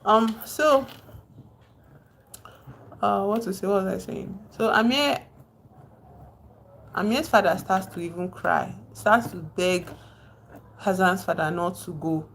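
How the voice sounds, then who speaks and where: A woman's voice: mid-range voice, slow pace, pauses often, a little hiss or hum. A woman live streaming, casually retelling a novel and breaking off to greet viewers in the chat. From Nigeria.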